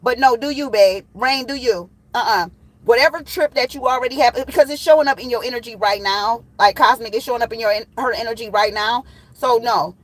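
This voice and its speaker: Woman tarot reader, slightly high voice, casual and profane, laughs a lot while she teases her audience. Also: fairly quick, no echo, rough recording. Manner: blunt, profane, laughs often, playful and teasing. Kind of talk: casual livestream tarot reading.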